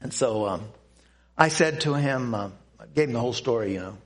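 An older man telling a personal testimony to a church audience, speaking in an earnest, halting way with pauses and restarts. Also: medium pitch, expressive. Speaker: Christian speaker giving a testimony.

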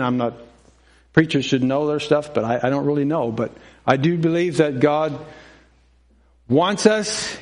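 A middle-aged male preacher giving a sermon, telling stories and acting out the people in them, with frequent self-questioning asides. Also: fairly high pitch. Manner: storytelling, acts out voices, self-questioning asides.

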